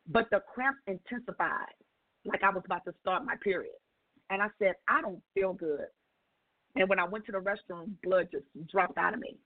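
A woman guest on a call-in radio show, telling a personal testimony in a lively storytelling way and acting out the dialogue. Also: medium pitch, normal speed, dry recording. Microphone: phone. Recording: tinny phone line.

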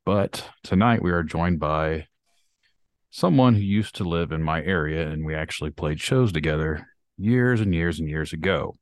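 Deep-voiced man ranting on a podcast. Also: lively intonation, normal speed, no room sound. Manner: ranting, earnest, drawling. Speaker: podcast co-host. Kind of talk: casual podcast chat.

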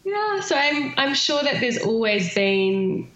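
A woman with a New Zealand accent, a podcast guest chatting at length and filling her pauses with ums. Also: sits high, sing-song, fairly bright tone, very echoey, lo-fi sound. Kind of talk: casual podcast interview.

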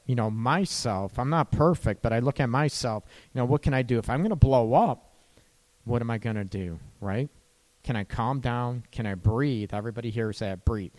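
A man's voice: lowish voice, darkish tone. Guy hosting a relationship advice show, chatty, keeps asking right?. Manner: conversational, often asks "right?". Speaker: radio relationship advice host. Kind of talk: casual advice talk.

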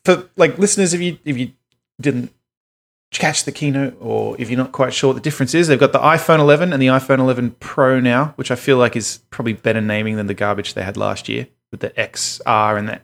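A man's voice: medium pitch, a little fast, gravelly. A man co-hosting a podcast in casual chat, explaining at length and swearing offhandedly. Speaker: podcast co-host.

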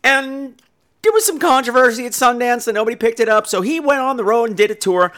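A man's voice: extremely high pitch, a little fast. A man hosting a horror podcast, ranting sarcastically and profanely as he reviews a movie. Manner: animated, sarcastic, acts out characters. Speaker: podcast host.

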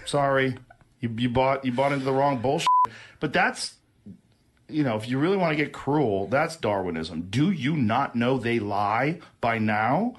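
Man, casual podcast rant, mid pitch, profane, mocking, combative. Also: expressive, a little slow. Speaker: podcast host.

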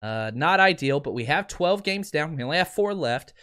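A man's voice: a little high, moderate pace, smooth. A man hosting a live solo sports podcast, chatting casually and reading viewer comments aloud. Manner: energetic, chatty, frequent fillers. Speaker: podcast host.

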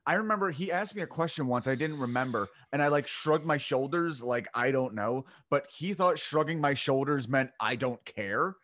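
A man's voice: a little high, fairly quick, hardly any pauses, a bit bright. A man from South Jersey, a comedian guest on a podcast, trading wry jokes and swearing in casual chat.

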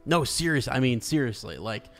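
A man's voice: medium pitch, big pitch swings, moderate pace, fairly bright tone, soft background music. A man co-hosting a casual book podcast, thinking aloud with many restarts and fillers. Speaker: podcast co-host. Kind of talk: casual book discussion with read-aloud passages.

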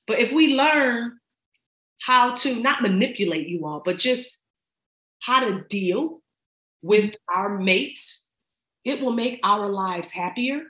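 A woman's voice: on the high side, expressive, slow, long pauses, sharp tone. A middle-aged woman talking as a podcast guest in casual chat, emphatic and slangy as she gives advice. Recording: roomy echo.

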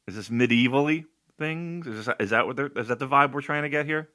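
A man's voice: medium pitch, brisk, pushed and bright. A man hosting a casual podcast chat, loose and joking, who swears freely and laughs often. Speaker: podcast host.

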